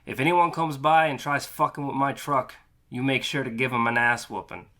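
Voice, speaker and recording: A man voicing a brash, crude middle-aged male trucker with a heavy Boston accent, loud and boisterous. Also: mid-range voice, steady tone, moderate pace, voice pushed up, natural voice. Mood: rowdy. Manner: loud, boisterous, foul-mouthed.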